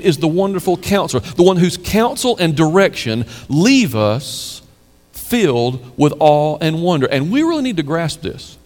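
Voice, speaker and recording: A male pastor delivers a sermon in church, his fairly high voice rising to forceful peaks and sinking low on key words. He uses rhetorical questions to engage the congregation, and the large hall's long reverb trails every phrase.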